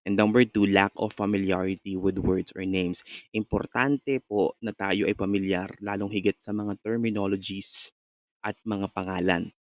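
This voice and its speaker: A Filipino-accented male lecturer teaching radio delivery in a conversational tone. He checks in with his listeners often and restarts his phrases. His voice sits fairly low, recorded close and dry. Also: steady tone, moderate pace, no echo, highs cut off.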